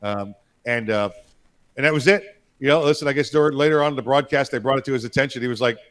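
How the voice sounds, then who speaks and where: A man's voice: medium pitch, quick pace, fairly bright tone. A man co-hosting a political talk show, speaking emphatically in a rambling way with frequent restarts and repeated words. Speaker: co-host.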